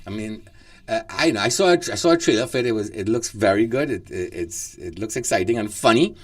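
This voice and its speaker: A man's voice: fairly low pitch, lively intonation, a little fast. Rambling man radio host. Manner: laughing, rambling with many fillers. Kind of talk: casual radio chat.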